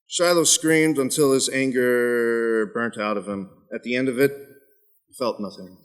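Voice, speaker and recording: A man reading an excerpt of his fiction aloud at an open mic night, in a steady, dramatic narrating manner. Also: mid-range voice, unhurried, clear, resonant tone.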